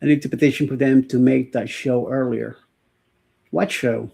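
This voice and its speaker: A man's voice: medium pitch, fairly even intonation, normal speed, gravelly, dark tone, breathy edge. A man co-hosting a casual morning live show, joking and rambling with lots of fillers and laughter. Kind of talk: casual live-stream chat.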